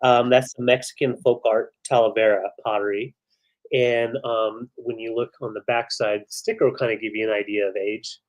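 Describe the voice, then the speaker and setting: A man co-hosting a live vintage sale, relaxed and enthusiastic as he describes each piece. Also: medium pitch, normal speed. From western United States. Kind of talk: live selling chat.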